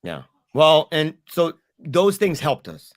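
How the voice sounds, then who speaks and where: Middle-aged man, guest storyteller, animated, does the voices, dry room. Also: a little high, takes it slowly, dry recording. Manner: animated, acts out quoted voices. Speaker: podcast guest. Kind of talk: emotional storytelling.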